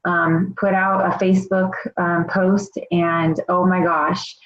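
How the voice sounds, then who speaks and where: A woman's voice: fairly low pitch, flat delivery, slow. A woman in her thirties tells her own story as a health coach, earnest and rambling, full of "um" and "you know". The recording is slightly muffled and dull. It rings with echo from the room. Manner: earnest, rambling, many fillers. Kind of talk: personal testimonial.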